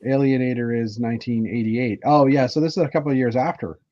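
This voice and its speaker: A man from Canada hosts a casual stream chat, talking in loose, rambling runs with plenty of fillers and restarts. His voice sits at a middling pitch. The sound is dry and close, slightly dull like lo-fi stream audio. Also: steady tone, fast talker, warm tone, dry recording. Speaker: livestream host.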